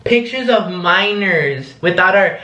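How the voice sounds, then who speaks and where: A man's voice: high-pitched, expressive, slow, bright, forceful tone, roomy sound, rough recording. A young man recounting a story in a rambling, casual vlog, full of "like" and "um". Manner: rambling, lots of "like" and "um". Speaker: vlogger.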